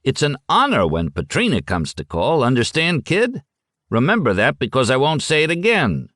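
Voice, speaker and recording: A man reading an audiobook, voicing a brash, boastful loudmouth man in a raised, cocky voice. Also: medium pitch, huge pitch swings, no room sound, studio quality, voice pushed up. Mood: grand, boastful. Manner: blustering, quick and cocky.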